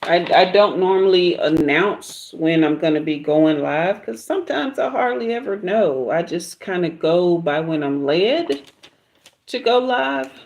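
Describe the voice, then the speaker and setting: Slow, relaxed Southern woman reading tarot. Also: fairly low pitch. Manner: relaxed, chatty, drawn-out pauses. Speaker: tarot reader livestream host. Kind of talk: casual livestream chat and tarot reading.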